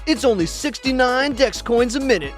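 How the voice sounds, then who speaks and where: Man as a spoof infomercial announcer, slick and high-pitched, over music. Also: lively intonation, moderate pace. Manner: smooth pitchman patter.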